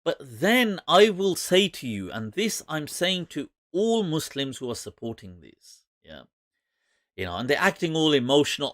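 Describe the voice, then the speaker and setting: A man hosting a live Islamic Q&A stream, talking in an animated, sarcastic and mocking way. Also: on the high side, moderate pace, no room sound, clean studio sound.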